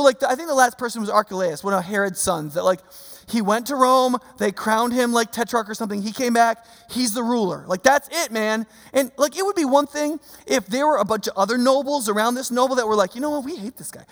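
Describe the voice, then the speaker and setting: A man preaching a sermon with a fairly high, gravelly voice. He talks casually, throwing out rhetorical questions and fillers. His voice rings with the long reverb of a large hall. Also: a little fast, fairly bright tone. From United States. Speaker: pastor.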